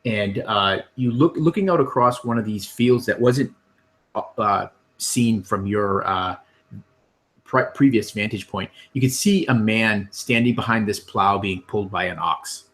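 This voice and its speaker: A man narrating as game master, describing scenes in a relaxed, meandering way. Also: on the low side, a little slow.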